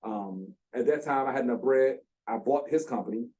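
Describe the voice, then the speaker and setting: Man, 30s, workshop speaker, lively storyteller who acts out the voices. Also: medium pitch, moderate pace. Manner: animated, acts out quotes with slang. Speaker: guest speaker, founder. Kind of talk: storytelling talk. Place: lecture room.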